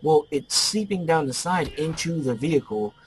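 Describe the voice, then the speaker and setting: A man's voice: a little high, animated, normal speed, slight background noise, poor audio. A man giving casual gameplay commentary, rambling off into joking stories as he plays.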